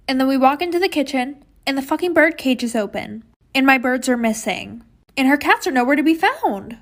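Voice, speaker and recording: A woman's voice: high voice, animated, a little fast. A young woman in her twenties telling a personal story in a chatty, exasperated way. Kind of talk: casual storytime narration.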